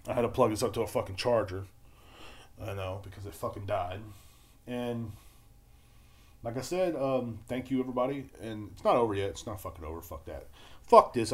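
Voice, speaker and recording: A man hosting his own podcast, ranting and rambling with constant swearing, shifting from loud outbursts to low mumbling. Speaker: podcast host. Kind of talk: solo podcast rant.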